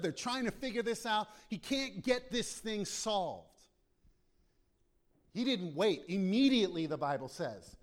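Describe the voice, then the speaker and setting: A man preaching a sermon with passion, acting out prayers aloud as he speaks. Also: high voice. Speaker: pastor.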